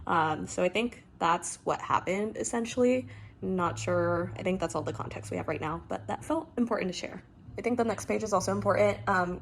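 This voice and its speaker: Woman, 20s, casual book vlogger, chatty and exasperated, faint background hiss. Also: fairly low pitch. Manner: chatty, exasperated reactions, filler-heavy. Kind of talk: casual reading vlog.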